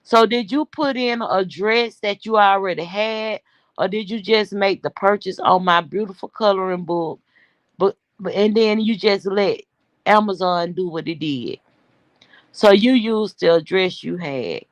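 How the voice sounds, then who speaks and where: A woman's voice: medium pitch, measured pace, no echo. Brash, profane woman chatting to her stream. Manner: talks straight to her chat. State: winded and worn-voiced. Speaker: livestream host. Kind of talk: casual livestream chat.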